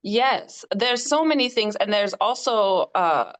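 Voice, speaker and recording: A woman guest on a podcast interview, an independent artist telling her story in an animated way with frequent laughter. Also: mid-range voice, takes it slowly.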